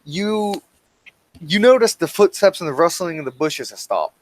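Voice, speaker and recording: A man's voice: a little high, animated, normal speed, dry recording. Guy running the game, lots of ums, kinda hesitant. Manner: hesitant, filler-heavy. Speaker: game master. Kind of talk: narrating a tabletop game.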